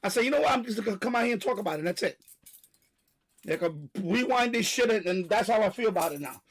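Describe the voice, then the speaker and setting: A man hosting a live stream, delivering a loud, profane, repetitive rant and stopping now and then to catch his breath. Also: sits high, lively intonation, fast, husky, poor audio. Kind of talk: ranting live stream monologue.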